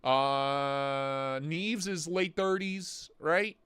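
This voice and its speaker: A man's voice: a little high, flat delivery, drawn-out words, a bit bright, smooth, no echo. A man in his thirties hosting a livestream, chatting casually and rambling with jokes and swearing, sore in the neck and back. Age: 30s. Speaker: livestream host.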